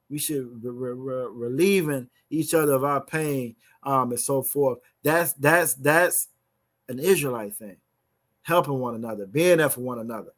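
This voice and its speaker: A man with a teaching a brotherhood Bible class in a preaching style. His voice sits at an ordinary middle pitch. He reads verses slowly and often repeats words while finding his place. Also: bright, forceful tone.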